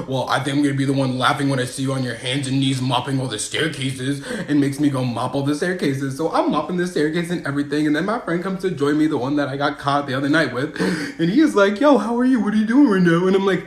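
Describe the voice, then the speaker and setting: A young man races through funny personal stories at a quick clip, recorded in a roomy, echoing space. He talks in a casual storytime way and keeps climbing into shrieking, animated highs whenever a punchline lands. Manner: fast, animated, voice shooting up high and loud at punchlines. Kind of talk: comedic storytime monologue.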